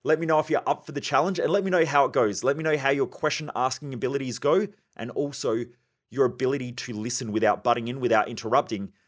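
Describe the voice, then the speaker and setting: Male podcast host, mid pitch, emphatic solo coaching talk. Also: quick pace. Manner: emphatic, coaching tone with acted-out example dialogues.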